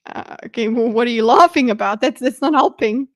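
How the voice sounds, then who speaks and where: A woman's voice: on the high side, fairly quick, fairly bright tone, no echo. Chatty giggling woman, dry close sound. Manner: chatty, giggly, talks back to the video. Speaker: streamer commenting on a debate video. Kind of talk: casual live commentary.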